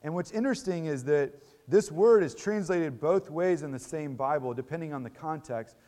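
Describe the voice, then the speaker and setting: Brief: middle-aged man, slightly high voice, chatty sermon delivery with restarts. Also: normal speed, warm tone. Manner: conversational teaching, frequent restarts and tag questions. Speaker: pastor.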